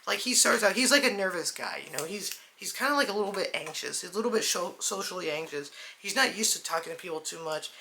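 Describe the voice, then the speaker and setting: Bright-voiced excitable woman reviewing a movie. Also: fairly low pitch, quick pace, few pauses, slight background noise. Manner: excitable, chatty, addresses viewers as "dude" and "guys". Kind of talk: casual movie review vlog.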